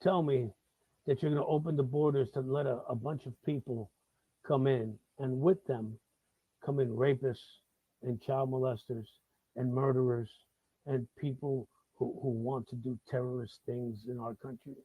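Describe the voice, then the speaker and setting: A man's voice: medium pitch, fairly even intonation, moderate pace, husky, dry recording, phone-quality sound. A middle-aged man from the Bronx with a New York accent, hosting a live talk-show monologue, swearing freely and repeating himself in heated bursts. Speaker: host.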